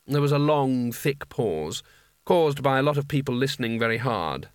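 A man's voice: mid-range voice, animated, normal speed, smooth, no room sound. A man narrating a comic fantasy audiobook in a dry, wry storytelling manner. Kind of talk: scripted narration.

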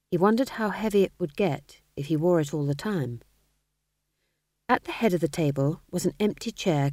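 Warm, expressive woman narrating a story. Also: fairly low pitch, no room sound, studio quality. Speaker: audiobook narrator. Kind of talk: scripted narration.

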